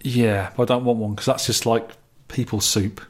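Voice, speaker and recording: A man's voice: medium pitch, steady tone, normal speed, a little mellow. A man with a Dorset accent co-hosting a podcast, joking around and reading out listener messages in casual chat. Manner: jokey, banters and reads listener messages. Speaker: podcast co-host.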